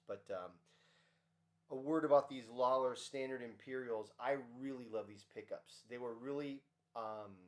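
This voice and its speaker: Rambling man talking guitar gear. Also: mid-range voice. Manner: relaxed and rambling, many ums. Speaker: guitarist demoing his guitar. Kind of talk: casual gear demo talk.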